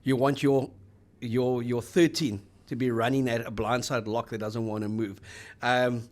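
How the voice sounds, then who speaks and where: A man's voice: mid-range voice, steady tone, a little slow. Brief: middle-aged man, chatty rugby host, rambling and anecdotal. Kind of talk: casual sports chat.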